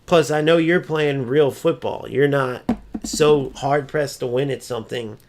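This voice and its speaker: A man's voice: medium pitch, measured pace, background noise. A man hosting a gaming channel, delivering a blunt, profane casual rant and repeating points for emphasis.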